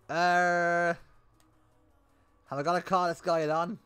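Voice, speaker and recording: A man's voice: sits high, level tone, slow pace, pauses often, fairly bright tone, clean tone, dry recording, soft background music. A young man streaming a game, chatting bluntly with his viewers and swearing often. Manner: blunt and swearing, talking to chat in bursts. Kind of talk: casual livestream chat while gaming.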